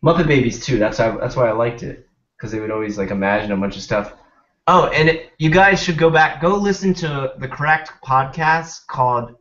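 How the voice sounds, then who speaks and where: With a mid-range, slightly bright voice, a young podcast host rambles in a laid-back casual chat, now and then swearing. The stream audio is dull and lo-fi.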